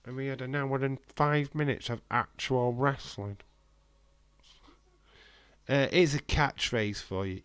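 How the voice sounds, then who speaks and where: A man's voice: medium pitch, slow, pauses often, a bit bright, clear, resonant tone, dry recording. A man hosting a live watch-along stream, chatting casually and joking as he reads out and answers comments from his viewers. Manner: joking banter reading out chat.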